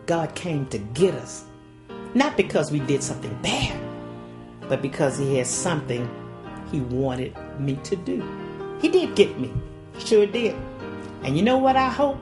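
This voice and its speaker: Older southern lady telling stories, low voice, lots of ups and downs, real dramatic. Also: very animated, a little slow, pauses often, over music. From Louisiana, USA. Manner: folksy, dramatic delivery with acted-out voices. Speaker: storyteller. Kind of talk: oral storytelling.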